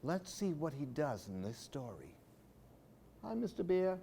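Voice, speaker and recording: A man's voice: on the high side, big pitch swings, unhurried, vocal fry, dark tone, slight background noise. A man reading picture books aloud for children, with playful asides to young listeners. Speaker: library storytime reader.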